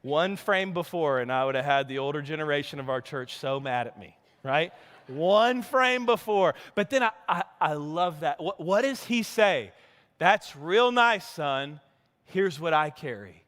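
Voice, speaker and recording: A man pastor preaches to his congregation, swinging between quiet asides and animated storytelling where he acts out the characters. His voice sits fairly high for a man. The sermon rings out with long church hall reverb. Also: moderate pace. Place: church sanctuary.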